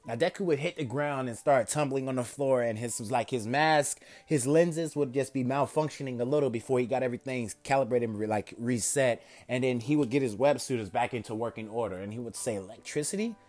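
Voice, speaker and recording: A man's voice: medium pitch, brisk, few pauses, a little mellow, faint music behind. A man casually improvising a fan story, rambling and correcting himself as he goes.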